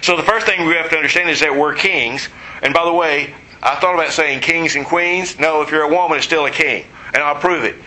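A man's voice: on the high side, a little fast, pushed and bright, rough recording. A man preaching a conversational teaching sermon, explaining verses and adding joking asides.

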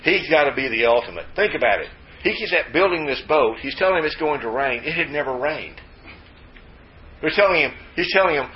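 A man preaching a sermon in a folksy, joking manner with lively emphasis and asides. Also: fairly high pitch, moderate pace. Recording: slightly dull lo-fi recording with faint ambience.

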